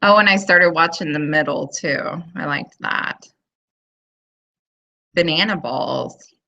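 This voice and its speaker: A woman in her thirties hosts a casual live video chat from home, rambling chattily with plenty of fillers. Her low voice is slow, with vocal fry and a bright, forceful tone, and the audio is lo-fi.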